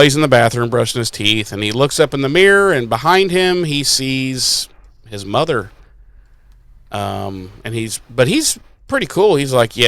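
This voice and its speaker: A man's voice: medium pitch, a bit bright, no echo. A man co-hosting a podcast, recapping a show in crude, exasperated casual chat and acting out the characters' lines. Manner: crude, exasperated, acts out quotes. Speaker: podcast co-host.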